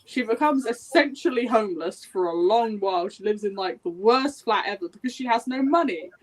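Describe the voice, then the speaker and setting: A woman with a bright, high voice talks casually in a book club discussion. She retells the story in a lively, animated way, slipping into quick acted quotes from the characters.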